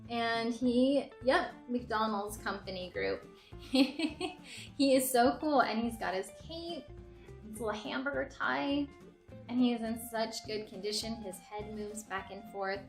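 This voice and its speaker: A young woman hosting a casual vlog, gushing with excitement as she shows off her finds. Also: fairly high pitch, takes it slowly. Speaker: host showing a thrift haul. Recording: echoey room, faint music.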